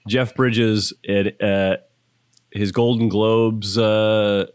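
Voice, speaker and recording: A man's voice: on the low side, level tone, drawn-out words, clear, resonant tone, no room sound. A man as a podcast guest in casual chat, joking around and slipping into silly impressions. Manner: jokey, slips into silly impressions.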